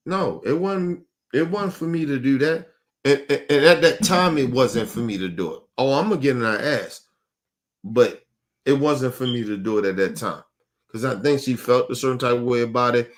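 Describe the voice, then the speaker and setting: An older man, a podcast host, telling a rambling, profane story in casual chat, getting animated when he quotes himself. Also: medium pitch, moderate pace.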